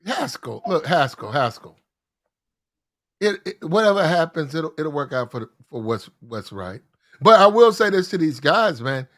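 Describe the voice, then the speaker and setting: A man's voice: a little high, big pitch swings, normal speed, fairly bright tone. A man telling a rambling story in casual slang on a podcast, often restarting his sentences.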